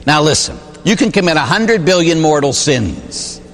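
Animated man preaching in an echoing hall. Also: normal speed, faint music behind. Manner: animated, emphatic, sudden high exclamations. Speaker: Catholic priest. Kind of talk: sermon.

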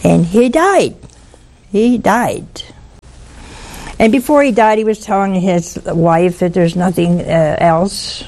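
A woman speaking slowly at medium pitch, her tone darkish, tells a preachy story on a religious broadcast. She's earnest and emphatic, repeating lines to drive them home.

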